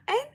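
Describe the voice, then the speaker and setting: A woman hosting a casual livestream, chatting with viewers, laughing often and sometimes dropping into a soft whisper. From United States. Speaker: livestream host.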